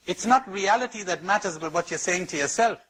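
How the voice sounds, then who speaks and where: Husky-voiced man giving a spiritual talk. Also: expressive, a bit bright, low-quality recording. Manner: slow and emphatic, with repetition and wide pitch swings; storytelling with anecdotes. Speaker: spiritual teacher.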